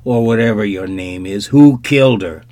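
A man's voice: fairly low pitch, moderate pace, mellow, no room sound, natural voice. A man reading an audiobook, voicing a blunt, growling police lieutenant who fires off questions. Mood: gruff, pressing.

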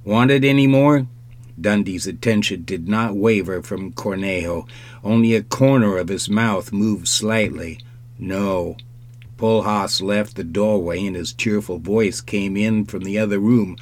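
A man with a voice on the low side delivers scripted audiobook narration. The pace and tone of his storytelling are measured and even.

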